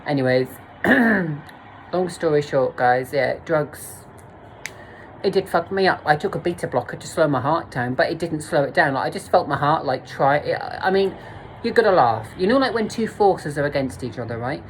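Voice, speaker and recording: Woman vlogger, low-ish voice, blunt and sweary, laughing at herself, faint hum behind. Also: animated, moderate pace, poor audio. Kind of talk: candid storytime monologue.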